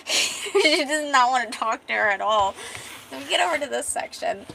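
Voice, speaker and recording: A woman's voice: fairly high pitch, big pitch swings, normal speed, gravelly, pushed and bright, slight background noise, rough recording. A woman casually narrating her own comic, rambling with chatty asides. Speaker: streamer, comic artist.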